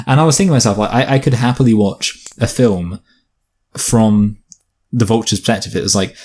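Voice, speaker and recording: Man, low-pitched, film review co-host, casual chat, rambling, lots of fillers. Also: fairly quick, a little mellow. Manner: rambling, thinks aloud with many fillers.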